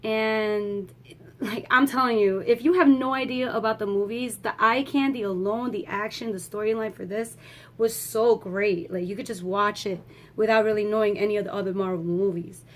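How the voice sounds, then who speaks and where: A young woman giving a rambling, excitable movie review, swearing freely and talking in a casual way. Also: mid-range voice, moderate pace.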